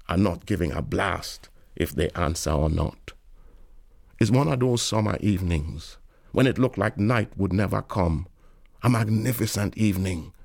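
Man, wry lilting narration, gravelly, dry sound. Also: low-pitched, no echo. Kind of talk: audiobook reading of literary fiction.

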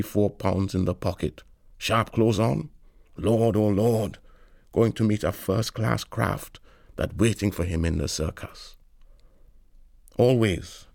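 A man narrates an audiobook, his voice low and gravelly. He lilts through the dialect in an easy storytelling manner. The sound is dry and close, with no room around it. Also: darkish tone, dry recording.

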